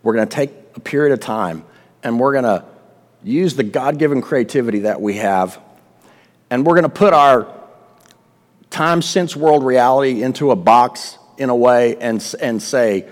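A man's voice: medium pitch, moderate pace, in a large hall. A pastor preaching a sermon to his congregation, emphatic and asking them questions as he teaches.

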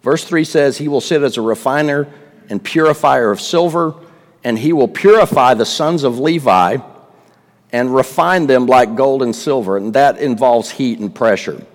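A man's voice: mid-range voice, moderate pace, long reverb tail. A pastor preaching a sermon to his congregation, emphatic and asking them questions as he teaches.

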